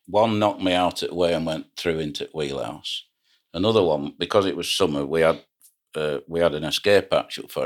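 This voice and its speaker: Older man, very deep voice, rambling anecdotal storyteller, ex-skipper. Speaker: retired pilot boat skipper. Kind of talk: reminiscing oral history.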